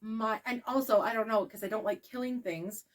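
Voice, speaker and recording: A young woman tells a wild story to her podcast co-host, her voice sitting a little high. She talks in an animated, casual way, laughs often and swears without a second thought. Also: moderate pace, a little hiss or hum.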